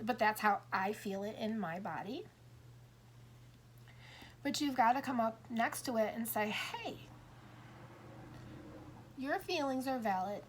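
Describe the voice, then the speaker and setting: A woman's voice: on the high side, slight background noise. A woman in her fifties talking in a rambling, self-interrupting way, acting out little dialogues as she explains. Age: 50s. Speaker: tarot reader. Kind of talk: casual monologue.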